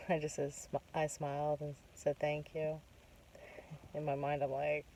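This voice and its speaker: A woman's voice: low voice, completely flat delivery, unhurried, dark tone. A woman talking casually, retelling a job interview with many quoted asides and personal reflections. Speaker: vlogger. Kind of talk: casual storytelling monologue. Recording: distant mic with faint background noise.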